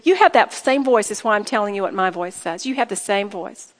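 A woman's voice: mid-range voice, expressive, a little fast. A woman giving earnest, emphatic Bible teaching to a women's gathering, rising to fervent declarations. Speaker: women's retreat speaker. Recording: reverberant hall recording.

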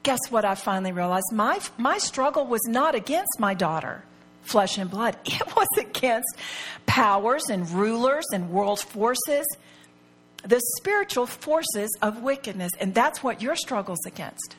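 A middle-aged woman leads a Bible study with a fairly high voice. She speaks to the room earnestly and confidingly, and she keeps turning to the listeners with rhetorical questions. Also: animated, a little slow, a bit bright, slightly rough. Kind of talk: personal teaching talk to a group.

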